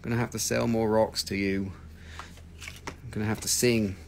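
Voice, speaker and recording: A man hosting a live stream where he sells rocks, gushing excitably over each stone, swearing freely and bantering with viewers. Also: on the low side, normal speed, creaky, slight background noise. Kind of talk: live sales stream chat.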